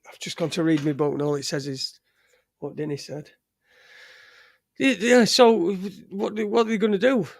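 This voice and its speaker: A man hosting a casual live stream, swearing freely and rambling through halting restarts. His voice sits fairly high for a man, and the sound is dry and close with no room echo. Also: steady tone, creaky. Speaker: live show host.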